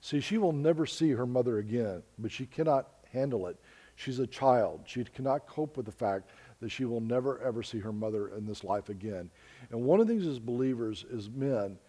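A man's voice: mid-range voice, animated, fairly quick, mellow, slightly rough. A man preaching earnestly, telling stories to the congregation and calling them folks. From United States. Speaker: preacher and missionary. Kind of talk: sermon storytelling.

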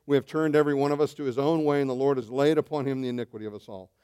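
A man preaching a sermon as pastor, animated, swinging between loud bursts and hushed asides, calling his listeners saints. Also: mid-range voice, very fast, clean tone. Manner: addresses listeners as saints, asks questions.

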